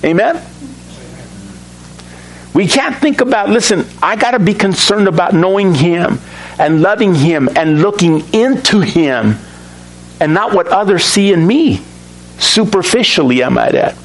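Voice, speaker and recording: A man preaching a sermon in a voice pitched a little above the usual for a man. He keeps asking the congregation questions and acts out the characters in the scripture as he reads. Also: lively intonation, a little slow, long pauses, rough recording. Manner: acts out the Bible characters' lines with feeling. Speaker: pastor.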